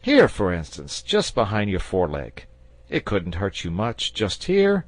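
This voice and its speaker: A man's voice: fairly low pitch, wildly swooping pitch, measured pace, dry recording, pitched above the performer's own voice. A man voicing a confident, patient male knight who speaks persuasively and earnestly.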